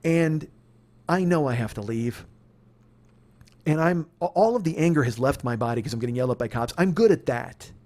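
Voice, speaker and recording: A man's voice: medium pitch, expressive, normal speed, darkish tone. A man telling a comedic story as a podcast host, profane and building into exasperated ranting.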